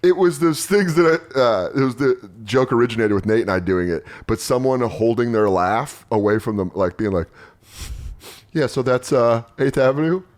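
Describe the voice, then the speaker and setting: A man's voice: fairly low pitch, animated, brisk, few pauses, darkish tone. A man in his thirties hosting a casual podcast chat, telling jokey stories and mimicking voices. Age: 30s. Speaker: podcast host.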